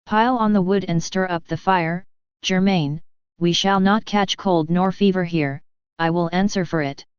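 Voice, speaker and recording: A woman reading the lines of a poor, brave and practical young peasant girl in even storybook dialogue. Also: lowish voice, normal speed, clean tone, no echo, lightly acted. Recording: slightly dull, dry recording.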